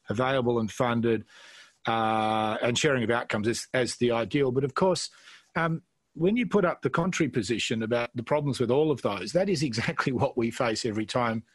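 A man's voice: medium pitch, slightly rough, no room sound. Hesitant Australian man with dry sound. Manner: hesitant, filler-heavy, self-deprecating. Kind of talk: panel discussion question.

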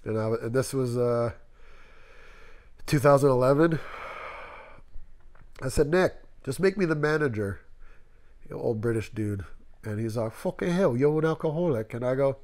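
A man's voice: medium pitch, normal speed, long pauses, darkish tone. Candid man telling stories, swearing freely. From Las Vegas. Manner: candid, emotional, swears freely, acts out quoted voices. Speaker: tattoo artist, guest. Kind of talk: casual interview storytelling.

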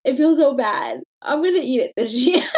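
A woman's voice: high-pitched, sing-song, moderate pace, husky. A woman co-hosting a podcast in casual chat. She laughs constantly and teases her co-host. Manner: giggly, laughs constantly, teasing.

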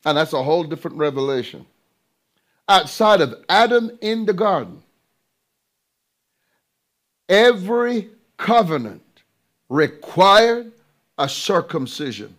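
High, animated, slow-preaching man. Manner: emphatic, drawn-out delivery with rhetorical questions to the audience; repeats phrases for emphasis. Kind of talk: sermon.

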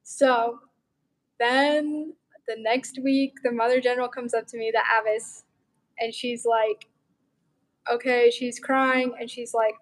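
A young woman with a high voice shares a personal story as a guest. She talks in an animated, chatty way, filling her sentences with "like" and "you know". She comes from Montana. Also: slow pace, low-quality recording. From Montana, USA. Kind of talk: personal testimony in casual chat.

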